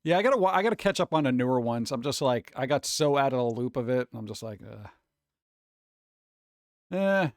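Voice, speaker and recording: A man's voice: mid-range voice, expressive, fairly quick, no echo, clean studio sound. A man chatting casually with viewers on a live stream, rambling, humming and scatting to himself, his throat a little sore.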